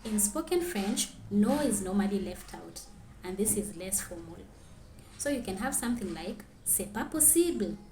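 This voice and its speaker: A woman's voice: mid-range voice, expressive, normal speed, dark tone, a little hiss or hum. Woman, language teacher, careful explanations, roomy echo. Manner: clear, careful, reads French examples then translates. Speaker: French teacher. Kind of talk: explaining grammar lesson.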